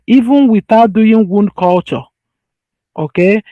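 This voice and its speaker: A man with a fairly high voice teaches a medical lesson, walking through slides in loose, everyday phrasing. He circles back to repeat key points and restarts sentences as he goes. The recording is dry and a little dull and lo-fi. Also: a little slow, darkish tone, dry recording. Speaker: medical lecturer.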